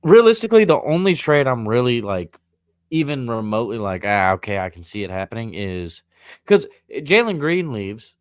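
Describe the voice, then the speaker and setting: A man's voice: on the low side, big pitch swings, normal speed, clear, resonant tone, no echo, studio quality. A man co-hosting a casual sports talk stream, joking around and speaking bluntly in loose slang. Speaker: podcast co-host. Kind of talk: casual chat.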